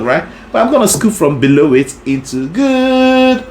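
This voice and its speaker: Male vocal coach, high and highly animated voice, talks then sings short examples. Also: normal speed, hardly any pauses, slight background noise. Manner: explains warmly, breaks into short sung phrases; checks in often with "right?" and "okay?". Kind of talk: singing lesson with sung demonstrations.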